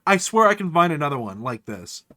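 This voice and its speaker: A streamer giving live reaction commentary, swearing casually and breaking into exasperated, high-pitched rants. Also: very animated, a little fast, bright, forceful tone, no echo.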